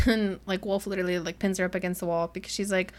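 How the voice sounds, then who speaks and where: A woman co-hosting a casual book club podcast, retelling scenes in an animated way and acting out the characters' lines. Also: lowish voice, fast talker. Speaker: podcast co-host.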